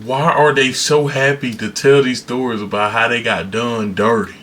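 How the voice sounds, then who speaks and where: A man reacting to basketball stories with excited, incredulous commentary. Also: medium pitch, moderate pace, a little hiss or hum. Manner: incredulous, exclaiming. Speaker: reaction streamer.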